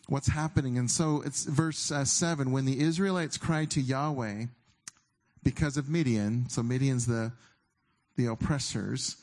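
A man giving a sermon in a conversational way, reading scripture slowly and emphatically between halting, informal asides. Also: medium pitch, darkish tone. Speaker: pastor.

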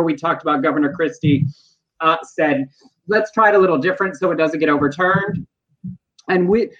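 Man, podcast co-host, breezy news chat, slightly high voice, muffled lo-fi sound. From Texas. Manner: chatty, breezy, quick asides.

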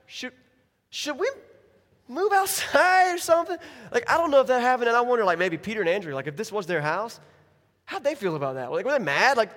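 A man's voice: extremely high pitch, a little fast, long reverb tail. A man preaching a sermon as pastor, telling stories animatedly and acting out the people in them. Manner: animated storytelling with acted-out quotes. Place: church.

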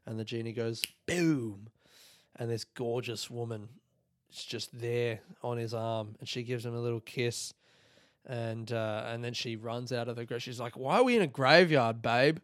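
A man telling a long rambling joke on a podcast, acting out characters with sudden high yelps and swearing. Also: steady tone, moderate pace, dry recording, studio quality. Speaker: comedian podcast host. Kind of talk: rambling comic storytelling.

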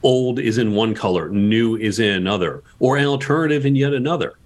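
A man guest on a podcast interview, explaining communication tips and asking rhetorical questions as he goes. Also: fairly low pitch.

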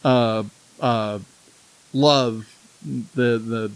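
A man co-hosting a casual review chat, easygoing and halting, laughing often. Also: medium pitch, steady tone, clear, resonant tone, dry recording, low-quality recording. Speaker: podcast co-host.

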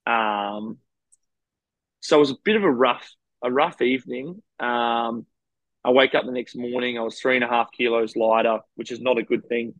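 A man's voice: medium pitch, moderate pace, fairly bright tone, dry recording, dull audio. An Australian man, a professional cyclist, frankly recounting race stories in a rambling, casual interview. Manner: rambling, frank anecdotes with quoted dialogue.

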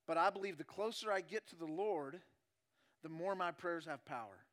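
A male pastor preaching a sermon, moving between loud emphatic passages and hushed, drawn-out phrases, repeating key lines slowly for weight. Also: on the high side.

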